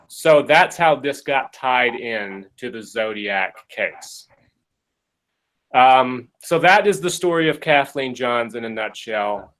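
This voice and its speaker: A man's voice: mid-range voice, a little slow, rough recording. A man hosting a podcast, retelling a case in a jokey, casual way and acting out the quotes. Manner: jokey, animated, acts out quotes. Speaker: podcast host. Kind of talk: casual storytelling.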